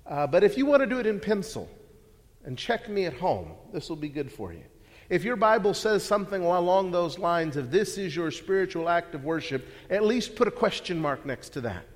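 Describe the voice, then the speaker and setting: A man's voice: high voice, very animated, normal speed. A man preaching a sermon, earnest and full of rhetorical questions, often repeating words as he restarts. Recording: long hall reverb.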